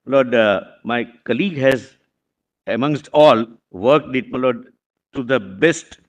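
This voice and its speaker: Indian government lawyer addressing the court. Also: male voice, medium pitch, slow pace, lo-fi sound. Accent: Indian English. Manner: formal, repeats deferential forms of address. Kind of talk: courtroom submission.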